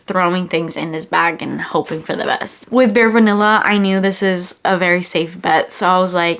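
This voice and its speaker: A woman's voice: fairly low pitch, fairly even intonation, moderate pace, fairly bright tone, clear, resonant tone. A young woman with a congested, stuffy nose, chatting in a gushing, casual way as she reviews perfumes in a vlog. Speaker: beauty vlogger. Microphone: camera-mounted mic.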